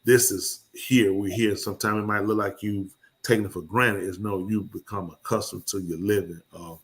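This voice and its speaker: Bright-voiced man chatting casually. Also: normal speed, husky. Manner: animated storyteller, jumps high when telling stories. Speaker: podcast host. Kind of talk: casual call-in chat.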